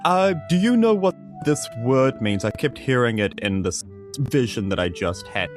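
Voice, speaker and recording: A man's voice: medium pitch, lively intonation, normal speed, over music. A man with a New Zealand accent playing a tabletop game, joking and playful at the table. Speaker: player.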